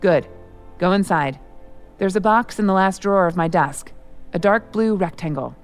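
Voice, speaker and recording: A woman's voice: lowish voice, moderate pace, soft background music, natural voice. A woman voicing a curt, cool-headed male record producer who gives clipped orders. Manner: blunt, clipped, commanding.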